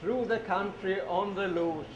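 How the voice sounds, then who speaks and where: A man with a high voice reads train picture books to small children, slow and sing-song, echoing each word and coaxing them to join in. The recording is roomy and echoey, with a dull lo-fi sound. Steady hiss runs underneath. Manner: sing-song, repeats words, prompts kids to say sounds along. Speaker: storybook reader for children.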